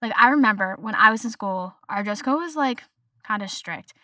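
At normal speed, a young podcast host in her twenties rants alone on her casual show, exasperated and chatty, mimicking what others said. Her medium-pitched voice is bright and forceful with lively intonation, recorded dry in studio quality.

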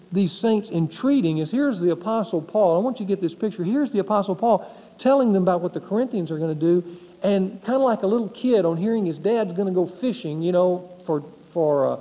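A pastor delivering an emphatic sermon, asking the congregation rhetorical questions. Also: male voice, high-pitched, dark tone, big-room sound, highs cut off.

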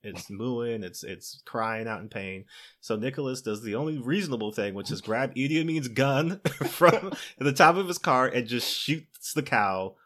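A man's voice: medium pitch, lively intonation, normal speed, fairly bright tone. A man co-hosting a podcast, casually retelling a film's plot in a loose, conversational way and often breaking into laughter. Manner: laughs often while retelling, acts out quoted lines in his own voice; conversational, loose fillers like "you know" and "like". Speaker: podcast co-host. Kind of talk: casual movie recap.

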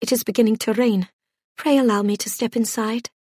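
A woman's voice: on the high side, fairly even intonation, a little fast, a little mellow, husky, no room sound, studio quality. A woman voicing a young woman applying as a governess, her speech prim and shaky yet tart.

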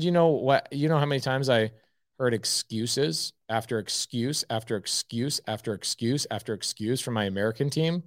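A man's voice: medium pitch, normal speed, no echo, clean studio sound. A man hosting a live stream, giving blunt, emphatic coaching advice and saying "okay" often. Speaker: host.

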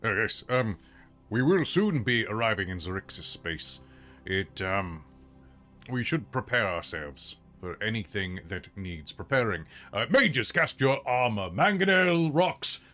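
A man voicing a hesitant male fleet commander who speaks in halting, um-filled lines. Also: lowish voice, sing-song, pushed and bright, faint music behind, exaggerated voice. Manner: halting, full of ums.

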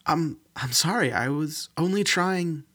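A man's voice: unhurried, bright, forceful tone. A man voicing an anxious young woman working in a medical lab, in a raised, questioning voice. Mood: alarmed. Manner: raised pitch, nervous and questioning.

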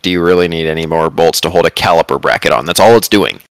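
A man's voice: very deep voice, fast, vocal fry, no room sound. A man co-hosting a podcast, chatting casually in an easygoing way and laughing often. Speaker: podcast co-host. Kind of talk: casual chat.

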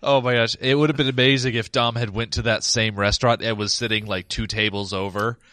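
A man's voice: medium pitch, steady tone, brisk, bright, forceful tone, dry recording, studio quality. A man co-hosting a casual movie podcast, talking in a laid-back, joking way. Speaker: podcast co-host.

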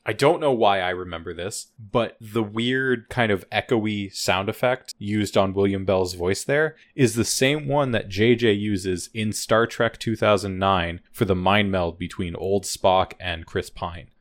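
लो आवाज़ वाला आदमी, आराम से बात करता हुआ. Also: male voice, fairly low pitch, a little slow, hardly any pauses, no room sound, studio quality. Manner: laughing, relaxed recapping with fillers. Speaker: podcast co-host. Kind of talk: casual chat recapping a TV episode.

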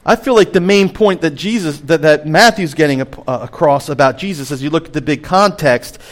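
A middle-aged man, a pastor, preaching a sermon with emphatic rises and hushed drops. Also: fairly high pitch. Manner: expressive, swings between emphatic and hushed.

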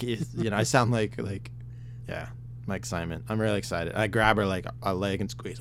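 Gravelly, excitable man chatting. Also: on the low side, moderate pace, a little hiss or hum. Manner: excitable storyteller, shouts and whispers quotes. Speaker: podcast co-host. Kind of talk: casual chat.

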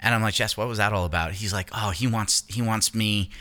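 Guy ranting about his holidays on a podcast, cussing a lot, acts out everybody, tense bright tone. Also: on the low side, brisk. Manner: profane, animated, acts out quotes. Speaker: podcast co-host. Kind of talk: casual storytelling chat.

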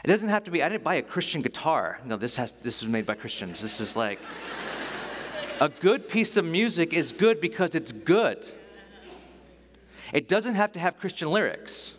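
A man's voice: fairly high pitch, very animated, normal speed, fairly bright tone. A man preaching a sermon in a conversational, enthusiastic way, often restarting his sentences. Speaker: pastor. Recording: long hall reverb.

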